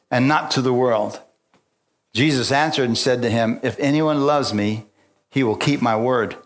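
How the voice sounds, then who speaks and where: A man preaching a sermon, mixing scripture with personal stories, frequent hallelujahs and call-outs to the congregation, and chuckling often. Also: medium pitch. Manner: swings between loud exclamations and quiet asides. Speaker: pastor.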